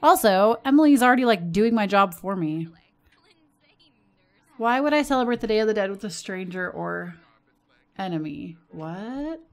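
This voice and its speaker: An American woman gives relaxed let's-play commentary in an everyday voice. She chats straight at her game characters and jumps into sudden bursts of excitement. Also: medium pitch, normal speed, pauses often. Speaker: gaming channel host.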